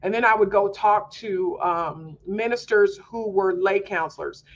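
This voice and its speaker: A woman's voice: mid-range voice, a little slow, lo-fi sound. A woman hosting a homeschool mom podcast, talking earnestly in a candid personal monologue, confiding and full of fillers.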